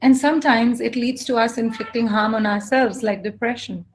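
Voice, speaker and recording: Woman coach, kinda high voice, earnest, shares personal stories in a live talk. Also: steady tone, normal speed. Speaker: life coach.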